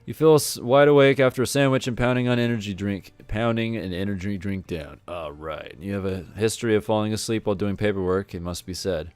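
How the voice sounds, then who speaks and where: A man's voice: on the low side, a little fast, hardly any pauses, a little mellow, clean tone, no room sound. A man reading a visual novel aloud with rambling, self-correcting, wry commentary. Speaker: video game let's player.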